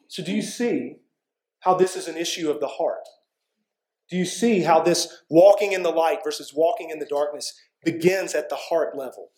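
A pastor delivers a sermon in an earnest, conversational way, often checking in with the congregation through "right?" asides. His pitch is fairly high, his pace moderate and his tone darkish. The audio is poor and reverberant.

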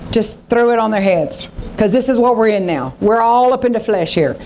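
A woman's voice: on the high side, lively intonation, moderate pace, a little mellow, slight background noise. A woman pastor preaching a revival sermon, fervent and dramatic, acting out the voices of scripture.

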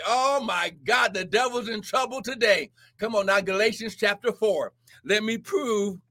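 A man preaches with a very high, bright voice, drawing his words out slowly. He shouts and whoops, breaking in with "listen" and "glory" again and again. It is a fiery, prophetic sermon.

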